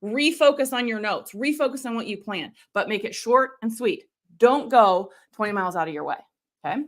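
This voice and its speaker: A woman coaching live on a stream, in a chatty, animated way with quick asides. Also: fairly high pitch. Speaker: online video coach hosting a live stream. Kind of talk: casual live-stream teaching.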